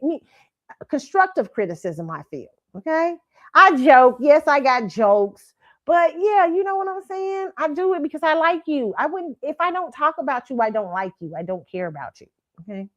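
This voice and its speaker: A woman's voice: sits high, expressive, normal speed, highs cut off. Blunt, profane woman hosting a chat stream. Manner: blunt and profane, laughs often, keeps asking "okay?". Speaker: show host. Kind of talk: casual pop-culture commentary stream. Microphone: streaming setup mic.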